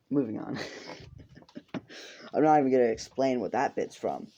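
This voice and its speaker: A man tells an improvised fan story, rambling with many fillers and casual swearing. His voice is gravelly and mellow. The recording is muffled and lo-fi. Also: medium pitch, measured pace, long pauses. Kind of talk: improvised fan-fiction narration.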